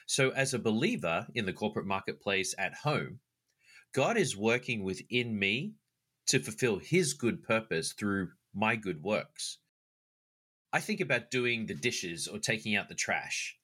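A man co-hosting a podcast, reflecting on faith and telling everyday stories in a lively way. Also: lowish voice. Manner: reflective, animated storytelling. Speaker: podcast co-host. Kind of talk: casual faith discussion.

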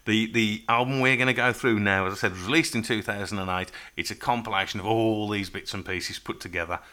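A man hosts a casual music podcast. His voice sits a little low but sounds bright and forward. He chats easily, laughs often and reads from his notes. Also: fairly even intonation, a little fast. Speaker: podcast host.

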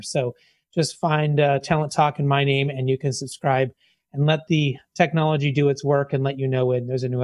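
A man's voice: a little high, no echo. A man hosting a podcast, chatting casually and joking about himself as he introduces the show and his guest. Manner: chatty, self-deprecating, filler-heavy. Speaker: podcast host.

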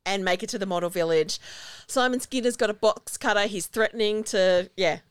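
A woman hosts a podcast and recaps a film with real enthusiasm. Her voice is smooth and clean, at a middling pitch. The recording is dry, with no room sound. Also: fairly quick, dry recording. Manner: chatty, enthusiastic, acts out quotes. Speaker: podcast host. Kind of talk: casual chat recapping a film.

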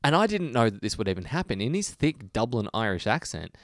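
A man's voice: mid-range voice, sing-song, brisk, no room sound. Casual Australian man, dry close sound. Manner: rambling anecdotal storytelling. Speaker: podcast co-host. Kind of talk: casual chat.

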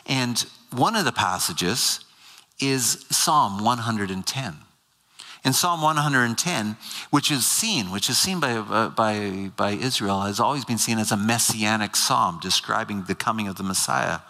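A man's voice: lowish voice, unhurried, creaky, bright, forceful tone. A man explaining scripture to a live audience, emphatic and given to repeating and stumbling over words. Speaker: speaker. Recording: long hall reverb.

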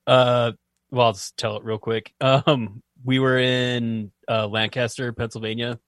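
A man's voice: medium pitch, flat delivery, unhurried, fairly bright tone, no echo. A man co-hosting a podcast, telling a crude story casually and laughing through it. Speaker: podcast co-host.

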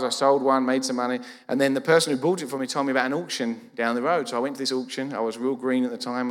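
A man, preaching a sermon as a lively storyteller who acts out quoted dialogue. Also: mid-range voice. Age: 40s. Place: church. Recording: church hall reverb.

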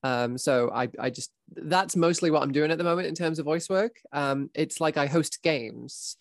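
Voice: medium pitch, normal speed, no room sound. Give me a chatty voice actor talking over a video call, dry and close. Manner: rambling, laughing, many fillers. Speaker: voice actor and guest. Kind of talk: casual chat.

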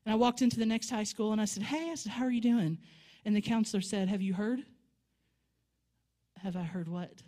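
Female preacher, mid-pitched, storytelling sermon that rises to fervent exhortation in a church sanctuary. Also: brisk, warm tone.

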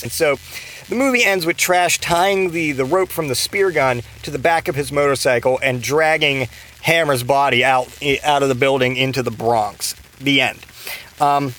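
A man's voice: fairly high pitch, fairly bright tone, poor audio. A man hosting a podcast, recapping a movie in a rambling, casual way with constant swearing, fillers and restarts. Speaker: podcast host.

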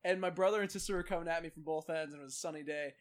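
High-voiced young man telling stories. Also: steady tone, rapid-fire. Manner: blunt, profane storyteller. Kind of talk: casual chat.

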